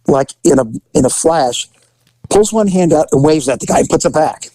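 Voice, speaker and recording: A middle-aged man, a former police officer, casually telling a story, animated, swearing, laughing and acting out the voices of the people in it. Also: fairly high pitch, moderate pace, dry recording, rough recording. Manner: profane, laughing often.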